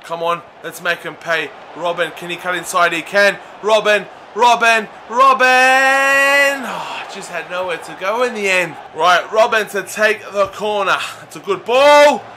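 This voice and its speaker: Young man as gaming commentator: high, bright voice, excitable, bursts into shouts at near misses. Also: moderate pace, few pauses, slight background noise. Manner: chatty, addresses viewers as lads. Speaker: gaming YouTuber. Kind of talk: live video game commentary.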